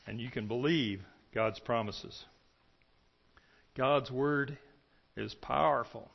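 A male pastor delivering a sermon, moving between raised, ringing calls and near-hushed stretches. His voice sits at an everyday middle pitch. The recording is slightly muffled and lo-fi. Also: steady tone, normal speed. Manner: preaching with swings from loud to hushed.

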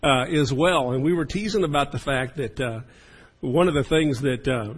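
A man's voice: medium pitch, normal speed, slightly rough, poor audio. A man preaching a sermon as the pastor, in a folksy and chatty storytelling manner.

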